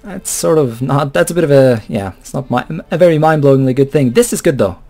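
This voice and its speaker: A man's voice: medium pitch, fairly quick, mellow. A man giving casual, rambling commentary over a strategy game, chuckling and swearing offhandedly. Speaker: let's play host.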